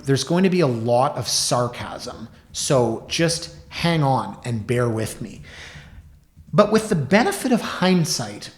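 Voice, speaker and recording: A man in his forties at an ordinary pitch, hosting his own talk show. He tells long personal stories with sarcastic asides and leans hard on key words. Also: reverberant. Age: 40s. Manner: storytelling, sarcastic asides, lively emphasis. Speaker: host. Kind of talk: casual monologue.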